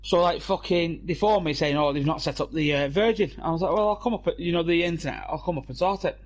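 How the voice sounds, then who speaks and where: A man's voice: fairly high pitch, fast talker. A young British man in casual banter while gaming, telling rambling stories full of swearing and laughs into a headset at home. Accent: British English. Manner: rambling, profane storytelling with frequent laughs. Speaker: gamer streaming with friends.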